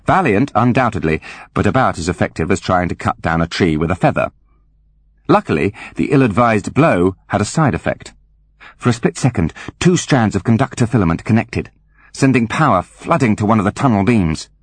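A man narrating an audiobook with wry, animated storytelling. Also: lowish voice, moderate pace, breathy edge, no echo. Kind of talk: scripted narration.

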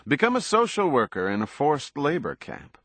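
A man playing a smooth, crisp TV star. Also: fairly high pitch, wildly swooping pitch, normal speed, fairly bright tone, no echo, clean studio sound, pitched above the performer's own voice, heavily acted. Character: smooth, self-assured male TV entertainer.

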